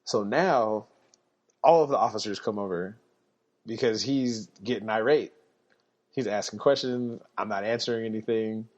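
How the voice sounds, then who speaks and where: A man's voice: on the low side, moderate pace, a little mellow, dull audio. A man telling a story in a laid-back way on a podcast, laughing now and then. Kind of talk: casual storytelling.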